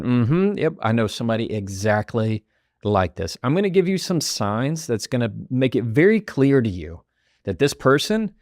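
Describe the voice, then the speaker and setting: A man's voice: fairly low pitch, no echo, studio quality. A man, hosting a motivational podcast and acting out quoted voices. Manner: animated, acts out quoted voices. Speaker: podcast host.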